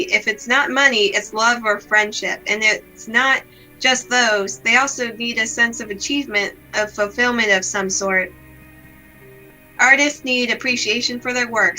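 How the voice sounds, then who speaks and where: A woman reading aloud the lines of a gloomy, self-blaming young woman from a visual novel, in a slow, subdued, melancholy way. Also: on the high side, sharp tone, rough recording.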